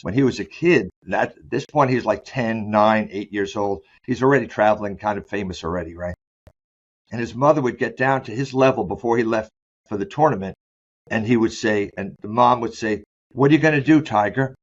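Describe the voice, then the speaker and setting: A man being interviewed as a sport psychologist, talking candidly and loosely, often restarting his sentences and slowing down to stress key words. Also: fairly low pitch. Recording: dull lo-fi sound.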